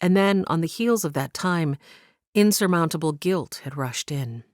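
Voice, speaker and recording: A woman audiobook narrator reading a historical romance in a gentle, even storytelling manner. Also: low-pitched, a little slow, dry recording, studio quality. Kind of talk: scripted narration.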